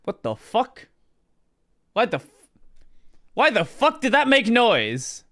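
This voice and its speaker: A high-voiced Australian man chatting on a gaming stream, his pitch bouncing all over. His tone is bright and forceful. He is animated, swears freely and plays with how words sound. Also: slow. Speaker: streamer host. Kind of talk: casual gaming stream chat.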